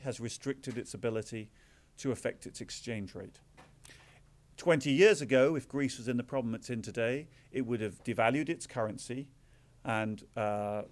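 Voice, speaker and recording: A middle-aged Englishman speaking at a lectern, his voice sitting at an ordinary middle pitch. He explains things plainly to a live audience. His asides come out wry and self-deprecating. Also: a little mellow. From England. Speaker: author giving a talk. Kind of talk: public lecture.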